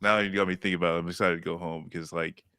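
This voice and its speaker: A man's voice: deep voice, fairly even intonation, rapid-fire, pushed and bright, clean tone, no echo, clean studio sound. A man on a podcast in casual comedic chat, playful and boisterous, swearing freely.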